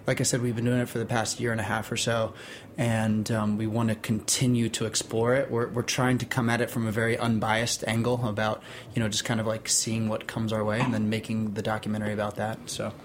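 A man from Florida, a filmmaker guest who talks haltingly and repeats words in casual radio chat. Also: fairly low pitch, monotone, slight background noise.

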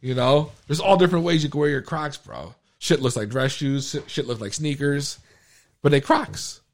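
In a podcast studio, a tipsy male host with a fairly high voice tells stories at a normal pace, bantering casually. His animated, profane delivery is full of swearing, and he keeps stumbling over his words.

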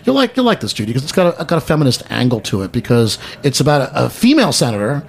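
A man's voice: mid-range voice, big pitch swings, very fast, gravelly, breathy edge. A man co-hosting a casual podcast chat, joking and crude. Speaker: podcast co-host.

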